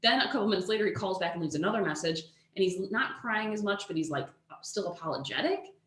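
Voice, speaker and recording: A woman co-hosting a podcast, telling a true-crime story in casual chat, animated, with lots of "like" and the odd swear word. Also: mid-range voice, fast talker, roomy sound. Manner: animated, swears freely, says "like" a lot.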